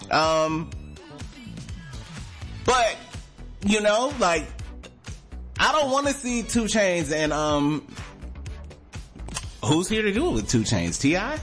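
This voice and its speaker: Animated male radio talk host. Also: sits high, slow pace, pauses often, soft background music. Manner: animated, emphatic, repeats phrases. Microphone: studio microphone.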